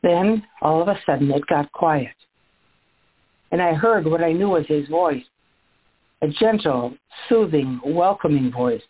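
A woman's voice: deep voice, expressive, a little slow, breathy edge, full character voice. A woman speaking as a formerly blind male beggar, telling his story in the first person and addressing listeners directly. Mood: earnest. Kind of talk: first-person dramatic monologue. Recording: tinny phone-like audio.

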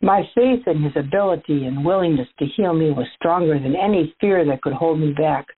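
Earnest, grateful former blind beggar man, as a woman tells it in a low, husky voice, recorded over a tinny phone-like line. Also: a little fast. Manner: earnest storytelling, addresses listeners directly. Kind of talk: first-person dramatic monologue.

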